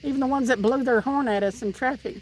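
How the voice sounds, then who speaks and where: A woman's voice: high voice, fast talker, very noisy. A woman with a Southern Tennessee accent, hosting a live stream and chatting with viewers while she fishes outdoors by the water. She talks in a chatty, laughing way and often restarts her sentences. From Tennessee, USA. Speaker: livestream host reading chat. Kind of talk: casual chat with live viewers.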